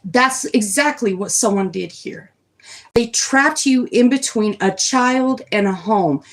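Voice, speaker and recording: A woman's voice: fairly high pitch, slow. Chatty woman doing a live tarot reading. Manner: chatty, rambling, reads the cards out loud to viewers. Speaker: tarot reader on a live stream.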